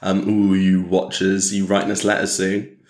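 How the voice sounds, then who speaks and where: A man's voice: deep voice, monotone, normal speed, darkish tone, reverberant. A man co-hosting a casual podcast, joking and teasing and laughing often. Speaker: podcast co-host.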